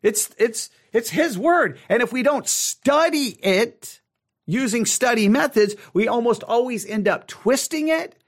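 A man's voice: very high-pitched, lively intonation, measured pace. A man hosting a podcast, teaching on Bible study in an emphatic way and repeating words for stress. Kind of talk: spoken teaching.

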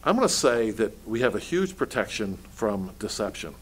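A male pastor preaches a sermon, firing pointed rhetorical questions and stumbling over restarts as he builds his points. His fairly low voice has a breathy edge and big pitch swings, delivered at a normal speed.

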